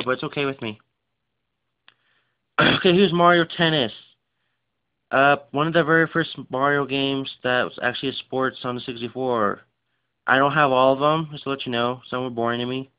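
A tired man rambling casually through his game collection, with lots of fillers and rushed asides. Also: a little high. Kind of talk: casual unscripted show-and-tell. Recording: dull lo-fi recording.

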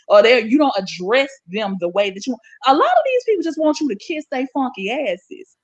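Blunt woman on muffled audio. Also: mid-range voice. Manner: steady, blunt, profane. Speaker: panel guest. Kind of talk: casual commentary chat.

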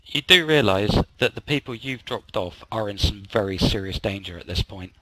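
A man voicing a hostage negotiator in online game role-play, calm, dry and commanding. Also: on the low side, moderate pace, slight background noise.

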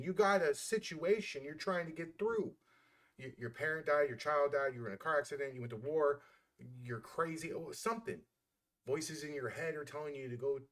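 A man giving heated reaction commentary, blunt and scornful, swearing freely as he mocks the clip. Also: on the high side.

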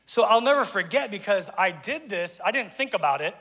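A middle-aged male pastor talks fast with few pauses, his high voice bright and forceful, as he preaches a joking, conversational sermon. He throws asides to the congregation, and the church auditorium gives off long reverb.

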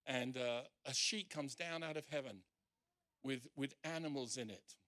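Forceful bright-voiced male pastor preaching. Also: mid-range voice, a little slow. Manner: emphatic preaching, acting out scripture quotes. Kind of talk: sermon. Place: church service.

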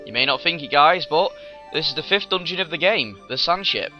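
A man hosting a let's play, commenting in a rambling, excitable way with lots of fillers and sudden outbursts, over faint game music on a dull lo-fi recording. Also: a little high, brisk.

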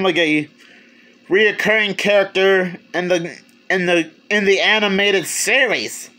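Male reviewer, high pitched voice, loose halting delivery, casual video review. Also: fairly bright tone. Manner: rambling, halting, many restarts, chuckles. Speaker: movie reviewer.

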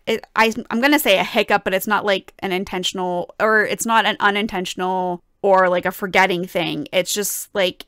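A woman's voice: medium pitch, a bit bright, smooth, no room sound, clean studio sound. A woman musician casually and enthusiastically analyzing a song as she reacts to it. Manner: enthusiastic, explanatory.

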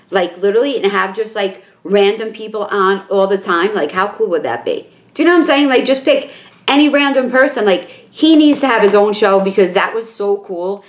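Woman, New York accent, makeup vlogger, excitable, rambling, lots of fillers, mid-pitched voice. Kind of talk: casual chat to camera.

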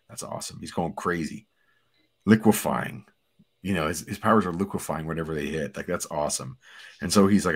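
A man in his forties co-hosting a casual comic book discussion, relaxed, chatty and enthusiastic. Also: sits low, moderate pace. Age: 40s. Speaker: podcast co-host.

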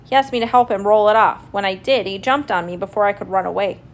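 A woman voicing a clever little male mouse in a storybook reading, calm and crafty as he bargains. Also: mid-range voice, fast, natural voice. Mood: pleading.

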